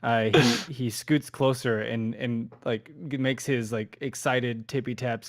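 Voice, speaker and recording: A man's voice: medium pitch, fairly even intonation, measured pace. A man narrating as game master in a tabletop game, in a casual, filler-heavy way.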